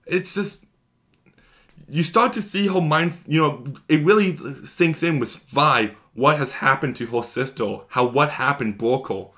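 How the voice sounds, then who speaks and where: A man's voice: on the high side, a little slow, bright, forceful tone. A man giving an enthusiastic, gushing episode recap as a video reviewer, talking in long run-on strings.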